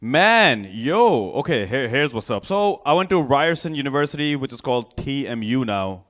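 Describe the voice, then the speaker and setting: Lively, profane open-mic comedian. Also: male voice, medium pitch, normal speed. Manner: loose, profane, rambling with many fillers. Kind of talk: stand-up comedy set. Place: small comedy club stage.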